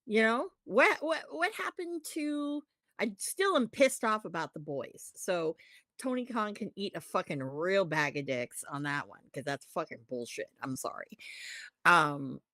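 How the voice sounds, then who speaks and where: A woman co-hosting a podcast, ranting about wrestling in a profane, animated way. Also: on the low side, a little slow, no echo, clean studio sound. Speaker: podcast co-host. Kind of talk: casual wrestling chat.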